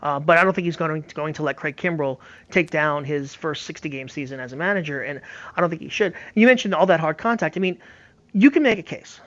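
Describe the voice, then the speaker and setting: A man talks baseball at a very fast clip, emphatic and opinionated, often stumbling over repeated words. His voice sits a little high. The sound is dull and lo-fi. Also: a bit bright, no room sound. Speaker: baseball analyst. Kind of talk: casual sports talk.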